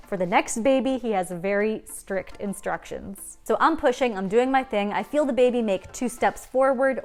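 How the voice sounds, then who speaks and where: A young woman, telling her own story to camera in a chatty, animated way and acting out the quoted lines. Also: medium pitch.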